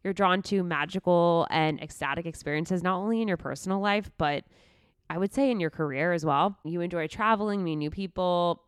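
A woman's voice: on the low side, fairly quick, clean tone, no echo, clean studio sound. A woman co-hosting a podcast, casually reading out horoscope traits and adding chatty asides. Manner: chatty, reads traits aloud with frequent "like". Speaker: podcast co-host.

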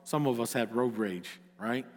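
A man's voice: medium pitch, normal speed, long reverb tail. A middle-aged male pastor preaching a sermon, earnest and at times rising to emphatic exhortation.

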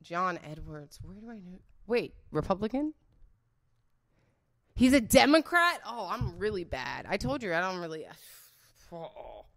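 Woman guest, slightly low-pitched, loose and blunt, rambles and swears as she guesses. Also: very animated, a little slow, pauses often. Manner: blunt, rambling, swears freely, laughs often. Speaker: guest guessing celebrity scandals. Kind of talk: casual unscripted chat.

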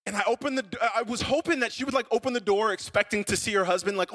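A young male youth pastor with a high, bright voice delivers his sermon as a loose, joking story. He tells it with plenty of filler words and an animated, conversational energy. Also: quick pace, hardly any pauses.

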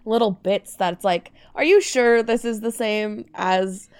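A woman's voice: medium pitch, a little slow, a little mellow, clean tone. A woman co-hosting a podcast in casual chat, with a sick, sultry voice and giggly dry asides. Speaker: podcast co-host.

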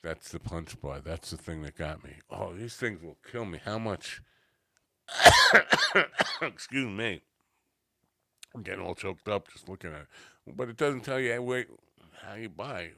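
A low-voiced podcast host with big pitch swings, vocal fry and a pushed, bright tone speaks a bit slowly with long pauses. He rambles through a casual chat show, mocking himself and getting easily sidetracked as a cannabis edible wears off, in a dry, studio-quality recording.

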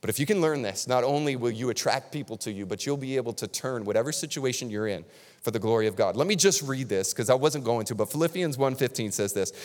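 A man's voice: mid-range voice, fast talker. A male pastor preaching a sermon in a conversational, emphatic way, repeating key lines for stress. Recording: long reverb of a large hall.

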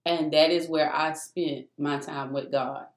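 A woman's voice: sits low, measured pace. A woman telling a personal faith testimony in a casual, emphatic storytelling manner, often calling out to her listeners. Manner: animated, emphatic, addresses listeners as "y'all". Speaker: testimony speaker. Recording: echoey room.

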